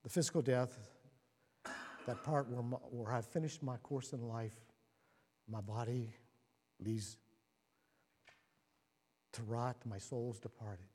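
A man preaching a sermon, moving from quiet and solemn to animated storytelling. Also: slow, long pauses, slightly rough. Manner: animated storytelling, rising to excited, laughing highs. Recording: long reverb of a large hall.

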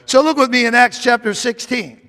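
A man's voice: extremely high pitch, brisk, sharp tone. A man preaching a sermon in a fervent, emphatic way, repeating phrases as he builds. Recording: long hall reverb.

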